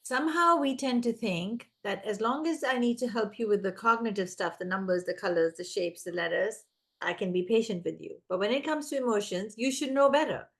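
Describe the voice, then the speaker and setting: A woman giving parenting advice in casual conversation, animated and acting out the voices of children and parents. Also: medium pitch, fairly quick. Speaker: parenting guest expert.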